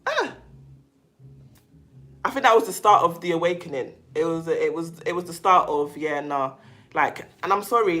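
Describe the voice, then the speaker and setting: A woman talking straight to her viewers in a casual monologue, emphatic and animated, often calling the listener "baby" and repeating herself as she goes. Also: lowish voice. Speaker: vlogger talking about narcissistic abuse.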